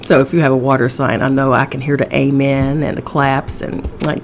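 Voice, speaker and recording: A woman's voice: extremely low pitch, flat delivery, brisk, few pauses, a little hiss or hum. A woman hosting a casual solo podcast, sassy and profane, laughing often, with a chesty cough. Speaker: podcast host.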